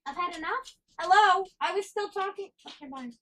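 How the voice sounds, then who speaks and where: Woman streaming from home, high bright voice, laughs a lot, swears at her dogs. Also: moderate pace. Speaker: co-host. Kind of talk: casual livestream chat. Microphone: headphones and desk mic.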